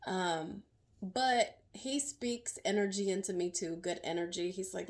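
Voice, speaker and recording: Emotional middle-aged woman, halting speech. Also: mid-range voice. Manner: halting, emotional, many fillers and restarts. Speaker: survivor sharing her story. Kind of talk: personal testimony.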